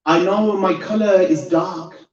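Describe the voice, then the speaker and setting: An humble, pleading old freed slave , as a male preacher puts him on, in a fairly high voice. The sound is dull and roomy, caught from far off in an echoing hall. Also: slow, darkish tone. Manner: earnest, emotional retelling. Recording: echoey hall, distant dull mic.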